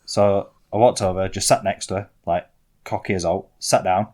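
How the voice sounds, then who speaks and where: A man's voice: low voice, fairly even intonation, normal speed, a little mellow, a little hiss or hum. A young man, co-hosting a podcast and telling rambling, self-mocking stories in casual chat. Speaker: podcast co-host.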